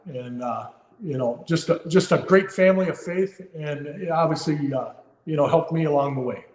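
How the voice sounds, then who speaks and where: A man's voice: a little high, moderate pace, darkish tone. A man in his fifties, a firefighter and podcast guest, telling a story earnestly and from the heart, with frequent fillers and restarts. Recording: roomy with long reverb.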